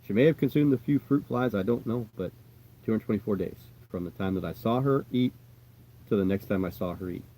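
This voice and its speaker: A low-pitched American man keeps his tarantulas and answers live chat in a casual livestream, talking a little fast. His dark, mellow tone rambles and reassures, often trailing off into a mutter.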